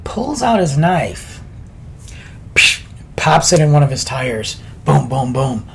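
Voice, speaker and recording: A man's voice: fairly high pitch, very animated, slow, gravelly, slight background noise. A man casually telling a story on a podcast, laid-back and chatty with lots of slang.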